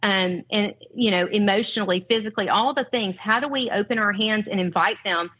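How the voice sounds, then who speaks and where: A woman's voice: mid-range voice, fairly quick, bright, forceful tone, low-quality recording. A middle-aged woman with a Southern US accent, speaking earnestly and from the heart as a guest on a podcast. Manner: earnest, heartfelt, faith-centered. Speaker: guest, parent and educator. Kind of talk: podcast conversation.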